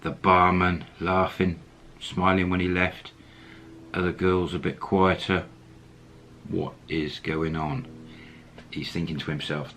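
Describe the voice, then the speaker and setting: A man's voice: low-pitched, steady tone, a little slow, a bit bright, a little hiss or hum. A man telling a story casually, rambling with fillers.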